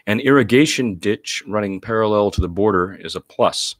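Low-voiced male reader, deadpan, for literary nonfiction in a close, dry sound. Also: no room sound. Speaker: reader of a longform essay. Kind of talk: live reading of literary nonfiction.

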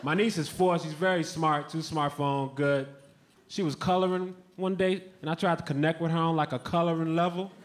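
A man doing a stand-up comedy routine on a club stage, telling stories in a dry, deadpan way with sudden shouted punchlines. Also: fairly high pitch, normal speed. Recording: noisy live comedy club.

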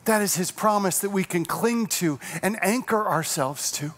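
A middle-aged pastor with a fairly high voice delivers a sermon. He speaks earnestly, easing into slower, quieter phrases to drive his points home. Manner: earnest, slowing and softening for emphasis.

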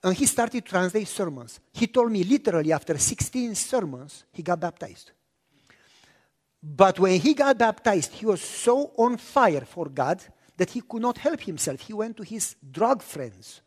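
A man preaching a sermon, telling stories and acting out the dialogue, clearing his throat often. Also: high-pitched, sing-song, unhurried. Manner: anecdotal, acts out dialogue, frequent throat clearing. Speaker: pastor. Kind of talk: storytelling sermon. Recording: long reverb of a large hall.

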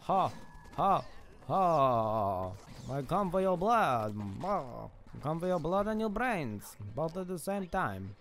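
A man's voice: medium pitch, sing-song, extremely slow, long pauses, fairly bright tone, slight background noise, voice pushed down, exaggerated voice. A man doing a cackling hammy vampire. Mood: menacing. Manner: theatrical put-on accent. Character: cackling male vampire hungry for blood.

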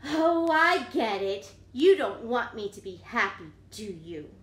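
A woman voicing an eager, demanding little male pigeon in a picture book read-aloud, pleading and whiny with loud bursts. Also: high-pitched, very animated, slow pace, full character voice. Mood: sulky. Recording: echoey room.

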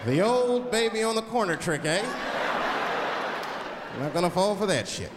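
A man's voice: sits high, sing-song, moderate pace, very noisy. A male stand-up comedian telling a laid-back, profane story on a theater stage. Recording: hall reverb, loud crowd laughter.

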